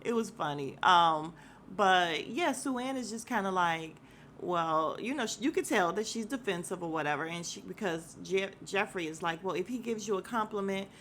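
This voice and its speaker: A woman's voice: on the low side, moderate pace, a bit bright, slight background noise. Chatty woman podcast host. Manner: chatty, opinionated, frequent laughs and slang. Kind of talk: casual reality show recap.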